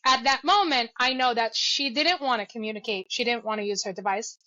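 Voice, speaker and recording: A woman's voice: on the high side, brisk, pushed and bright, highs cut off. A woman, a mother, talking earnestly and reflectively as a guest in a casual podcast interview.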